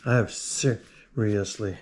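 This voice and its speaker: A man's voice: lowish voice, fairly even intonation, slow pace, a little mellow, breathy edge. A man with a drawl, working on a tool and talking to himself in a joking, rambling way. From Alabama. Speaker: video host. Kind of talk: casual workshop tinkering talk.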